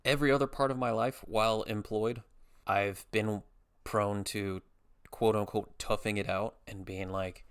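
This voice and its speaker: A man's voice: lowish voice, steady tone, a little slow, smooth. A young man hosting a casual solo podcast, rambling and self-mocking, swearing and slangy, tired after a migraine. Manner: rambling, self-mocking, acts out others in quoted voices. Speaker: podcast host.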